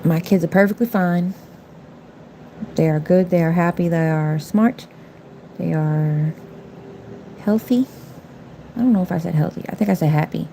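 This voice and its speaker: A woman's voice: lowish voice, normal speed, gravelly, long pauses, warm tone, slight background noise. A middle-aged woman doing nails on a livestream, talking casually and bluntly, sassing viewers in the chat. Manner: blunt, sassy, talks back to chat viewers. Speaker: nail artist livestreaming.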